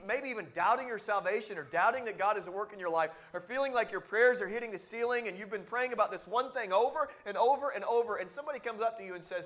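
High-pitched guy pastor preaching, earnest and pushing, goes quiet and close a lot. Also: fast, hardly any pauses. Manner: earnest and exhorting, with sudden drops to a hushed, close tone. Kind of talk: sermon.

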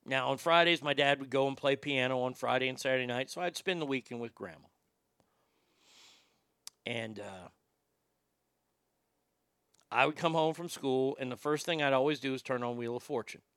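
Bright, crisp-voiced male talk host. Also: medium pitch, moderate pace, pauses often, no echo, studio quality. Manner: animated, wry storyteller who swears freely. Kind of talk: casual storytelling and chat.

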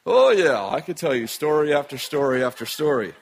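A man's voice: on the high side, lively intonation, brisk, vocal fry. A man who runs a business telling a long funny story in a casual way, laughing often as he talks.

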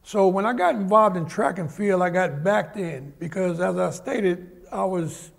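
An older man tells stories as a guest on an auditorium stage and gives the people in his stories their own voices. His voice sits high and carries a gravelly edge. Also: measured pace. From Harlem, New York. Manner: vivid anecdotal storyteller, acts out the people in his stories. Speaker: guest, former Olympic sprinter. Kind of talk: storytelling on stage. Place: large auditorium, live event.

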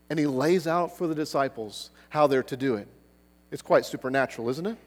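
A man's voice: fairly high pitch, fairly quick, long reverb tail. A man preaching a sermon, earnest, who keeps asking the listeners rhetorical questions. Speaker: pastor.

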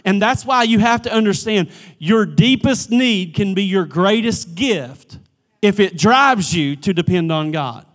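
A man preaching a church sermon with a notably high voice. He is emphatic and energetic and calls out to his congregation. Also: a little slow. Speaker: pastor.

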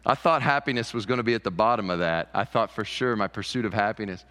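A man preaching a sermon as pastor, animated, often repeating words as he builds a point. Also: on the low side, fast, big-room sound. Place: church sanctuary.

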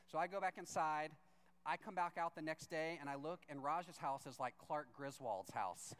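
A man's voice: on the high side, normal speed, a bit bright. A man preaching a sermon through a chatty personal story, acting out both sides of each conversation and leaning on "like" as he talks. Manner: chatty, leans on "like" as filler.

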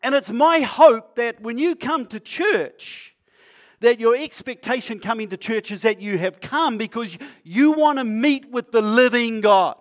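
A male pastor preaching in a conversational, playful way, asking the congregation questions and sometimes dropping to a quiet, earnest tone. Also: measured pace. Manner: acts out a shopkeeper's sales pitch. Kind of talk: sermon.

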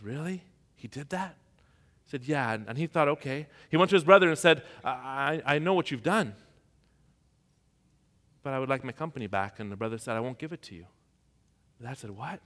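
A man from Iran, a pastor, preaching a sermon and telling personal stories, his voice dropping to a hush and rising to near shouts. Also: medium pitch. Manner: storytelling, swings from hushed to shouting. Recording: long hall reverb.

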